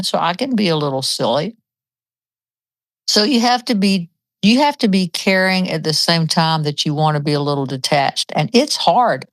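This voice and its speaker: A woman's voice: on the low side, no echo. A woman in her seventies chatting casually as host, telling stories and acting out what people said. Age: 70s. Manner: chatty storyteller, acts out quotes. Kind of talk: casual chat.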